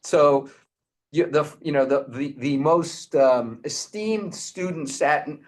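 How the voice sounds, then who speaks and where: Male host-teacher, slow and lively storyteller, fairly high voice. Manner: animated storyteller, frequent restarts.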